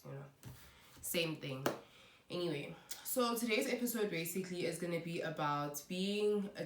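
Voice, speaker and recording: A woman giving an earnest, conversational faith talk to camera as a Christian vlogger, with many "you know"s. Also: low voice. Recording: echoey room.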